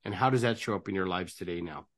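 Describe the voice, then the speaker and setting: A man's voice: sits low, quick pace. A man hosting a casual interview, earnest and encouraging, who tags nearly every phrase with "right?". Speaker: podcast host and life coach.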